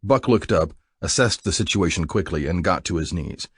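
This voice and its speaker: A man giving an expressive, dramatic audiobook narration. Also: deep voice, moderate pace, breathy edge, dry recording, studio quality.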